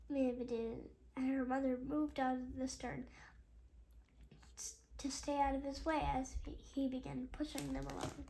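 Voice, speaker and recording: A woman reading a children's chapter book aloud, slowly and carefully, with small slips and chatty asides between passages. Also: sits high, vocal fry, dark tone. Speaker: read-aloud host.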